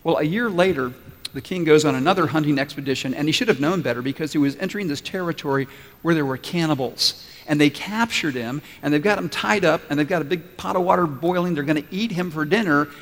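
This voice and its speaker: A man's voice: a little high, quick pace. A man preaching a sermon as pastor, asking the congregation questions and telling a story. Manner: asks the congregation questions and lets them answer. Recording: long reverb from a large room.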